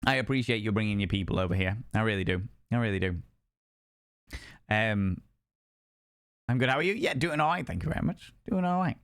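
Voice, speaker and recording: A man's voice: on the low side, animated, brisk, pauses often, no room sound, clean studio sound. A young man chatting live with his stream viewers in a playful, theatrical way, swinging between musing and flamboyant greetings. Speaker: streamer host. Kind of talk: casual live-stream chat.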